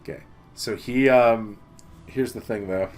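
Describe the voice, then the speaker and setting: A man's voice: fairly low pitch, a little slow, darkish tone, soft background music. A man narrating as game master in a casual, often laughing tabletop session.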